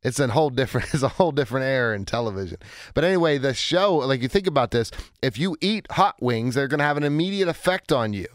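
Hoarse forties radio host, dry studio. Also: male voice, mid-range voice, fast talker, dry recording. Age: 40s. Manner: energetic, chatty, self-interrupting. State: hoarse, voice cracking. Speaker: radio talk show host. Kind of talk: call-in radio show monologue.

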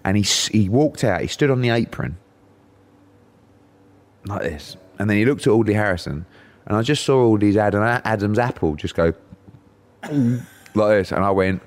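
A middle-aged man with a low, deep voice spins a long anecdote as a podcast guest. He talks casually and acts out the lines of the people in his story, now and then jumping up into a shouted high voice for the crowd. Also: animated, moderate pace. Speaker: podcast guest, boxing promoter.

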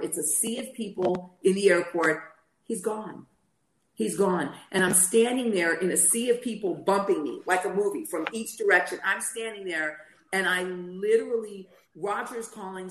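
A middle-aged woman co-hosting a faith talk show, telling a personal story and acting out the dialogue. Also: fairly low pitch. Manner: storytelling, acts out quoted dialogue. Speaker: podcast co-host. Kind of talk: personal testimony in casual chat. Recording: roomy echo.

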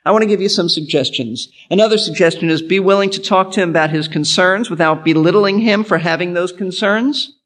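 A man's voice: sits high, brisk, hardly any pauses, fairly bright tone. A male pastor giving an earnest sermon, teaching in an instructive way and repeating his key points.

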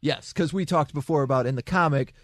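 A man co-hosting a radio show in casual chat, eager but halting, with frequent restarts. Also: a little high, no echo, clean studio sound. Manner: hesitant restarts, fan enthusiasm.

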